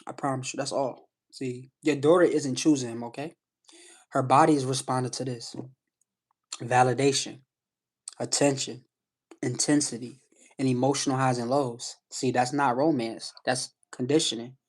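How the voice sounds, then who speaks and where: A man with a mid-range, steady voice hosts a live stream at a moderate pace, coaching callers casually. His advice is emphatic and repetitive, peppered with "you know what I'm saying."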